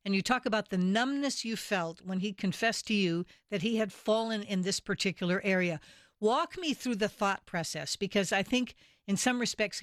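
Woman radio host, measured studio voice. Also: mid-range voice, no room sound. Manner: measured, articulate, quotes literature. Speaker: radio talk show host. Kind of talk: scripted radio interview. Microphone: studio microphone.

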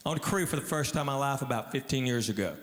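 A man's voice: mid-range voice, rapid-fire, soft background music. Man doing echoey live stand-up. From Tennessee, US. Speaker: stand-up comedian. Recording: echoey hall, live stage ambience.

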